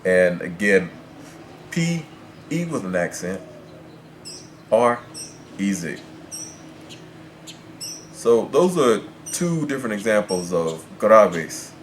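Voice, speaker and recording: A man's voice: on the low side, very animated, slow, pauses often, slight background noise. A man teaching as a Spanish tutor, patiently explaining rules and spelling words out letter by letter.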